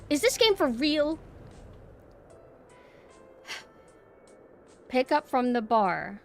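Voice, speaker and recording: Chatty, excitable woman streamer. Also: drawn-out words, long pauses, faint music behind. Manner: chatty, talks to chat, jumps to high squeals when flustered. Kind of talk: casual gameplay commentary.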